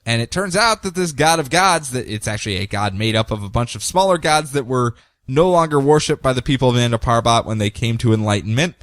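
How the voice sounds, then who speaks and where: A man co-hosting a podcast, casually recapping comic book stories in an animated way and slipping into quick character voices. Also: medium pitch, dry recording, studio quality. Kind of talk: casual chat.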